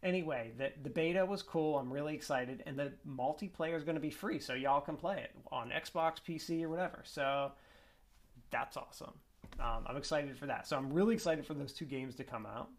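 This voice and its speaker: A man's voice: on the high side, a little fast. A man talking casually to his webcam in a vlog, upbeat and rambling, full of "like" and "um" and restarting his sentences. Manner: rambling, upbeat, lots of fillers and self-corrections. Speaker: esports coach and vlogger. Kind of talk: casual vlog talk to camera.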